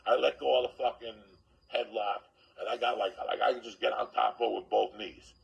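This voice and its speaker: A man telling a profane comic story in a loud, animated way, acting out other people's lines. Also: mid-range voice, fairly quick, highs cut off. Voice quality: gravelly.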